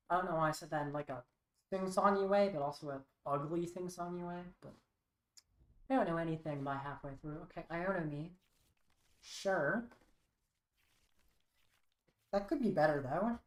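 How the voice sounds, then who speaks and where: A woman streaming a card game who mutters her plays aloud in a wry, thinking-out-loud manner. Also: low voice, moderate pace, long pauses. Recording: roomy echo.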